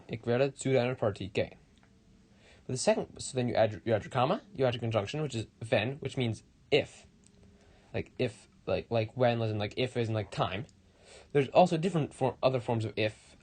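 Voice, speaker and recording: A man's voice: mid-range voice, a little mellow. A teenage boy presenting a school project as a casual lesson, rambling and informal, with wry jokes and frequent self-corrections. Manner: wry, joking asides.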